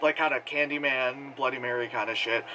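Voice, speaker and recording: This movie reviewer has a bright, forceful mid-range voice with fairly even intonation and a slightly quick pace. The audio is poor, with slight background noise. He rambles through his casual film review, leaning on fillers, laughing often and mimicking characters.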